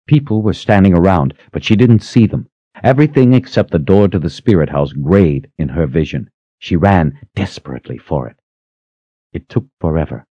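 A man narrating a fantasy story in a steady, storytelling manner, rising in tension at dramatic moments. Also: low voice, dry recording, highs cut off. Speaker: audiobook narrator.

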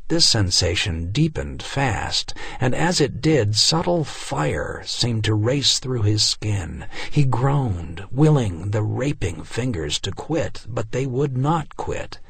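A man narrating a novel as an audiobook, telling it in a measured, expressive way with dramatic dips and rises. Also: medium pitch, vocal fry, slightly rough, no room sound, clean studio sound.

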